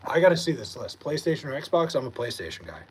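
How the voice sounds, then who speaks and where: A man's voice: mid-range voice, big pitch swings, quick pace, husky, rough recording. A young man from Long Island, New York, streaming live and casually reading and answering chat messages, laid-back and swearing freely.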